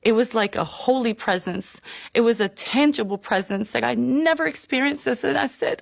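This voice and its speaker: Woman, personal faith testimony, earnest, emotional, halting, gravelly voice. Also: fairly high pitch, no room sound, studio quality.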